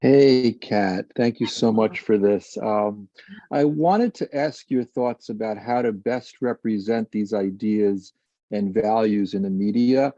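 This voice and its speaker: A man's voice: on the low side, takes it slowly, warm tone, no echo, muffled recording. A man asking a question on a video call, talking in a rambling, earnest way.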